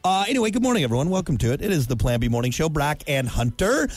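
A man's voice: on the high side, big pitch swings, dry recording. Joking male morning radio host. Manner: joking, plugs events in a quick announcer patter. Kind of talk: casual radio banter.

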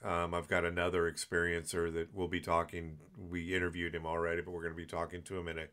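A man hosting a casual interview podcast, giving relaxed, short encouraging replies and follow-up questions. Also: low-pitched, quick pace. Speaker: podcast host.

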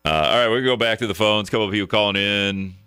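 A man's voice: on the low side, racing, sharp tone, clean tone, dry recording, clean studio sound. A man from the hosting a call-in talk radio show, joking and rambling, often laughing at his own asides.

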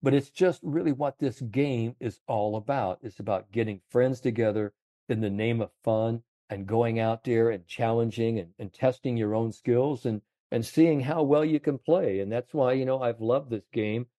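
A man in his seventies, a golf confidence coach, telling animated stories in an interview, full of "you know". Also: medium pitch, moderate pace, dry recording. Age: 70s. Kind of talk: storytelling interview chat.

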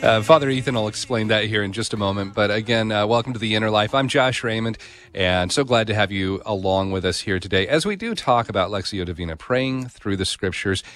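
A man's voice: lowish voice, brisk, fairly bright tone, soft background music. A man hosting a call-in religious radio show, talking in a friendly, plain way with small "uh" fillers. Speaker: radio host.

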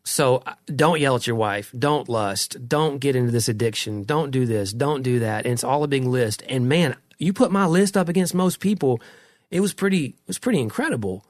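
A man's voice: medium pitch, normal speed, no room sound, studio quality. Earnest, reflective middle-aged man. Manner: earnest and reflective, often restarting sentences. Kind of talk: casual faith conversation.

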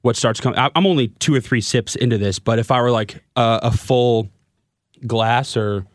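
A young man in his twenties hosts a candid podcast chat, stumbling over his words and turning openly emotional as he speaks. His voice sits at an ordinary middle pitch. The sound is close and dry. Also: no echo. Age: 20s. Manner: halting, stammering and openly emotional. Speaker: podcast host and radio broadcaster.

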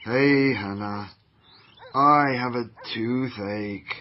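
A man's voice: mid-range voice, extremely slow, slight background noise. A man voicing a whiny, easily led young schoolboy in a children's radio drama, with a slightly dull lo-fi sound. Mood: sulky. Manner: whiny, sulky complaining.

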